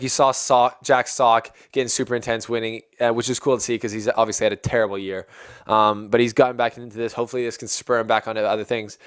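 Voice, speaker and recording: A man hosting a casual tennis recap video, chatty and excitable and often breaking into laughter. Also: medium pitch, clear, resonant tone.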